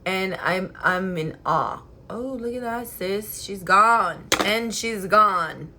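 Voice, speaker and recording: A young woman vlogger chatting casually and excitedly, swearing freely as she tells a story. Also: medium pitch, slow pace, noisy background. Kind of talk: casual chat. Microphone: headphone mic.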